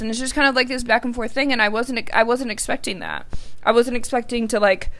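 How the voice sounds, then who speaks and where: A woman's voice: medium pitch, fairly even intonation, quick pace, a bit bright. A young woman hosting a personal podcast, talking candidly in a rambling, casual way with lots of "like". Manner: rambling, heavy use of "like", candid and frank. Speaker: podcast host.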